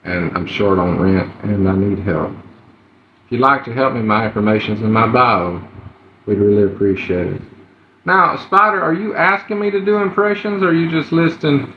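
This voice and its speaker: A man hosting a live stream, greeting viewers by name in an unhurried way with fillers. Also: medium pitch, animated, slight background noise. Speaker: livestream host. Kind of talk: casual live-stream chat. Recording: roomy, dull lo-fi livestream audio.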